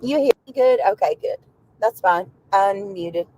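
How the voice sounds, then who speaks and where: A woman's voice: medium pitch, animated, unhurried, dark tone, a little hiss or hum, low-quality recording. A woman from the American South chatting with viewers on a livestream while riding in a car, rambling and easily sidetracked. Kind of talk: casual livestream chat.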